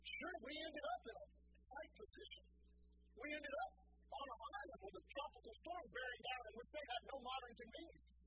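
A man preaching a sermon, telling a testimony in an animated storytelling way and building to emphatic declarations and prayer. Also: very high voice, fairly quick, very noisy. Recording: music playing underneath.

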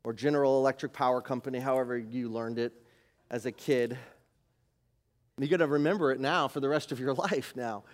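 A man preaching a sermon as pastor, animated, moving from loud emphasis to quiet asides. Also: mid-range voice, a little fast. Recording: live church service.

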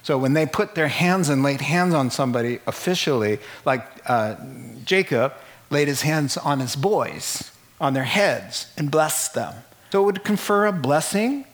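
Pastor, male, slightly high voice, lively jokey sermon delivery. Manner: animated, jokey, jumps to high exclamations.

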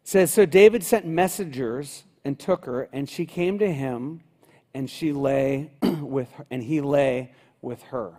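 A man's voice: medium pitch, slow, darkish tone. A man preaching a sermon in a conversational way, acting out lines of the story as he goes. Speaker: pastor.

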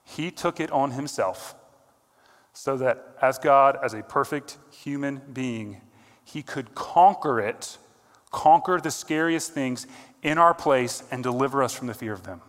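A male pastor preaching a sermon, earnest, rising to emphatic peaks and then dropping quiet. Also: mid-range voice, a little slow. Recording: long hall reverb.

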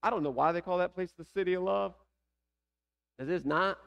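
A man's voice: high voice, fairly quick, vocal fry, a bit bright, clear, resonant tone, highs cut off. A man with a Southern American accent preaching a sermon, asking the congregation rhetorical questions. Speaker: pastor.

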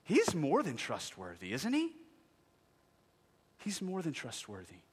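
A man in his thirties preaching a sermon, lively and joking, acting out voices as he speaks. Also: a little high, unhurried, slight background noise. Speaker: pastor. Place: church sanctuary. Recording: long hall reverb.

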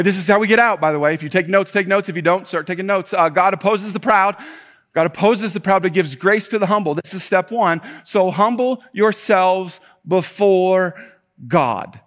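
Man preaching with lively emphasis. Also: sits high, moderate pace. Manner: animated preaching with emphatic repetition and rising intensity; conversational asides and self-deprecating humor. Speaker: pastor. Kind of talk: sermon.

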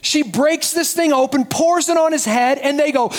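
Male pastor, very high voice, lively sermon delivery that drops to hushed emphasis. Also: moderate pace, few pauses. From United States. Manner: animated preaching, dropping soft for emphasis.

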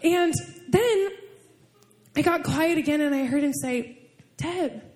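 A woman's voice: high-pitched, measured pace, darkish tone. A young woman giving a casual, emotional sermon, telling personal stories in a chatty way full of "like"s. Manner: chatty, many "like"s, emotional storytelling. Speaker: preacher.

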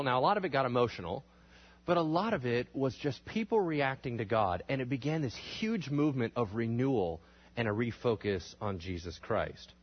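A man teaching a history class in a lively lecture style, asking the class questions and acting out quotes in exaggerated voices. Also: medium pitch, highs cut off.

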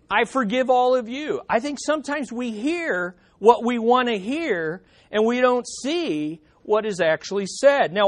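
A man's voice: high-pitched, a bit bright. A man preaching a sermon, reading scripture aloud and rising to emphatic quotes. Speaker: pastor.

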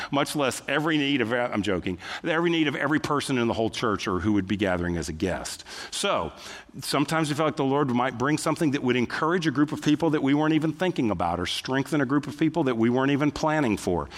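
A middle-aged male pastor preaching a sermon in a church, in a conversational way, acting out little quotes as he goes. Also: medium pitch. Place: church sanctuary. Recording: long hall reverb.

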